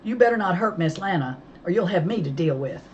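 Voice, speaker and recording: A woman voicing a feisty, hot-tempered young girl who talks loud and snappy in a storybook reading. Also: fairly low pitch, lively intonation, a little fast, lo-fi sound, a little hiss or hum, pitched above the performer's own voice, natural voice. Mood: defiant.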